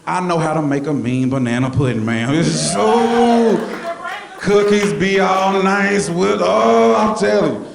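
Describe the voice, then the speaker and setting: A male comedian telling animated stories on stage, yelling out punchlines, with a handheld mic. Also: sits high, measured pace, creaky, background noise. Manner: loud, animated storytelling with yelling bits. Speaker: stand-up comedian. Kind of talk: stand-up comedy set. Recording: roomy club with loud audience laughter.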